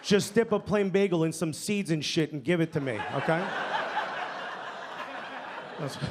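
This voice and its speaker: Onstage at a comedy club with a handheld mic, a man with a fairly high-pitched voice works through his set unhurriedly. His delivery is chatty, he keeps adding "you know?" and "okay?", and he laughs along at his own material, while the live recording picks up the crowd's laughter and noise.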